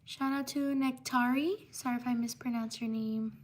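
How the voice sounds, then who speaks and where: A woman hosting a livestream, reading viewer names in a slow, repetitive way. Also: on the high side. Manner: slow, flat, repetitive listing with pauses. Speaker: livestream host. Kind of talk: reading out viewer shout-outs.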